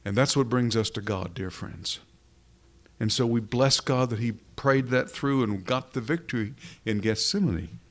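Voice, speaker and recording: A man's voice: mid-range voice, a little slow. An earnest male preacher delivering a sermon. He leans on repeated rhetorical questions, pressing each point home with emphasis.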